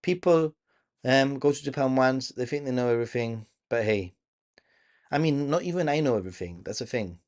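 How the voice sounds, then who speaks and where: A man's voice: mid-range voice, expressive, normal speed, a little mellow. A man hosting a casual live stream, chatting to viewers, reading their comments aloud and laughing often. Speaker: livestream host.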